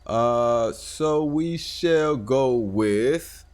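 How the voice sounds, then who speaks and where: Male streamer, mid-pitched voice, swears a lot, muttering to himself with sudden loud outbursts. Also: extremely slow, smooth. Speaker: game streamer. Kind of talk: casual live gameplay commentary.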